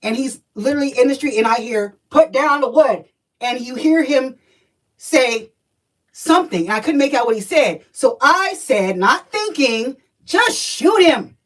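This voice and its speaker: Lively cussing woman spinning a story for her stream, kinda high voice, sits back from the mic. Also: normal speed, distant mic, rough recording. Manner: animated, profane, talks straight to viewers. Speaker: live streamer telling a personal story. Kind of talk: casual storytelling livestream.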